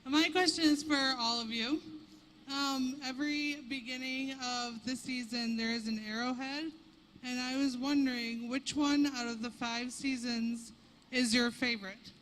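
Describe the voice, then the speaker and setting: A woman's voice: sits high, steady tone, measured pace, fairly bright tone, a little hiss or hum, rough recording. A woman in the audience asking a panel a question, shy and tentative. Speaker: audience member. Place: convention hall.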